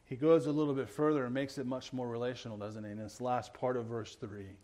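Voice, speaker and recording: A male pastor preaching a sermon, earnest, often checking in with the congregation and moving between loud emphatic lines and quiet low ones. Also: fairly even intonation, brisk. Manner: earnest preaching, keeps asking the congregation "right?".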